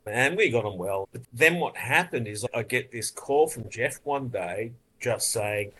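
A man tells stories in a loose, rambling way, laughing and swearing as he goes. His voice is bright and forceful, with a pitch in the middle of the range for a man. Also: animated, measured pace, hardly any pauses, a little hiss or hum. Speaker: film editor, interview guest. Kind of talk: casual interview storytelling.

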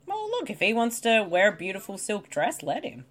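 Woman, casual movie commentary, teasing, blunt, animated pitch. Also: fairly quick. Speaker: podcast co-host watching a film.

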